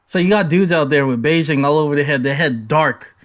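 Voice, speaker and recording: A man's voice: a little high, a little fast. A man in his thirties co-hosting a podcast in casual chat, wry and joking, trading quips. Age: under 40. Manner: joking, wry, does mock voices. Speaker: podcast co-host.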